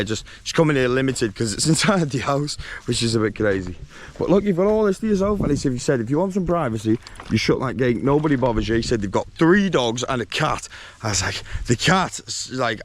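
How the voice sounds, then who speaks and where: A young man, chatting excitedly to camera on a travel vlog, slangy and laughing often. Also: mid-range voice, slight background noise. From England. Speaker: travel vlogger. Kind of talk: casual vlog chat to camera. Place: glamping site outdoors.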